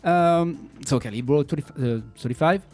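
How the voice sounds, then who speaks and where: A man with a French accent hosting an interview, playful and quick to laugh, sometimes stumbling over his words. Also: a little high, a little mellow, soft background music. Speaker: interviewer, host.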